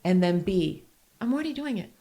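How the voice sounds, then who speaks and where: A woman in her forties hosting a podcast, talking candidly and earnestly, with quick laughs between heartfelt points. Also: mid-range voice, expressive, dark tone. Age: 40s. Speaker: podcast host.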